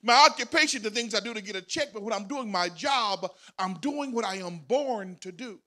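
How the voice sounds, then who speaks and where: Very high, bright-voiced energetic male host. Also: normal speed. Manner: loud, energetic, hyping up the audience. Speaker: event host speaking to students. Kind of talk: motivational speech to a crowd. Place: large performing arts center auditorium.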